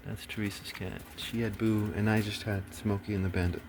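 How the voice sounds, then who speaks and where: A man with a fairly low voice rambles through a casual monologue, swearing freely and slipping into agitated, preachy stretches. Steady noise and passing vehicles sit behind him. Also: fairly quick.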